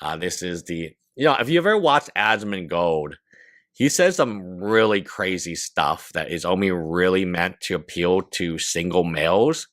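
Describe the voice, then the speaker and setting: Man with a very low, bright voice, halting video commentary, dry sound. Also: animated, no echo. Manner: halting, many fillers. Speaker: commentator in a played clip.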